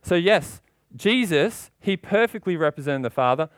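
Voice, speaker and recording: A man's voice: lively intonation, moderate pace, dry recording. A man preaching a sermon with passion, asking rhetorical questions and getting worked up as he goes. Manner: impassioned, rising in pitch when worked up.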